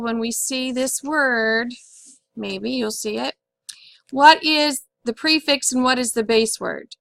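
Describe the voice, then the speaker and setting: A woman's voice: fairly high pitch, sharp tone, no room sound. A woman teaching a phonics lesson, patiently sounding out words syllable by syllable.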